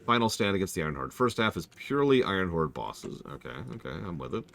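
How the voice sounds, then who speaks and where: Low gravelly-voiced male streamer. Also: sing-song, fast, a bit bright. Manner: chatty, repeats himself while multitasking. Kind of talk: live game stream commentary.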